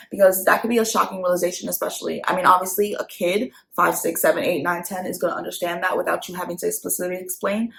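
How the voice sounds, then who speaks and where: Chatty young mom with a gravelly edge. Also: female voice, on the low side, rough recording. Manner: chatty, animated when quoting her child. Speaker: parent vlogger. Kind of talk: casual parenting advice chat.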